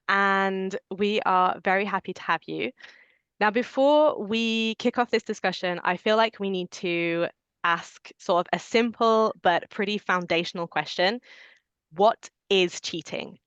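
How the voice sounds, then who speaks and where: A woman hosting an online webinar, her voice low and smooth, her speech orderly and clear. The recording is dry and close, with the slightly dull, lo-fi sound of a video call. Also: fairly bright tone, dry recording. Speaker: webinar moderator.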